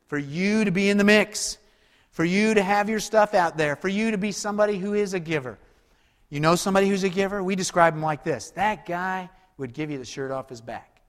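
A man preaching a sermon as pastor, conversational and lively, with quick asides and call-and-response to the congregation. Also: high-pitched, in a large hall.

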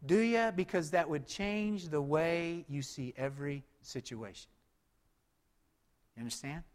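Male pastor, high-pitched, emphatic sermon delivery, long reverb. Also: measured pace. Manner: preaching with rising emphasis and rhetorical questions.

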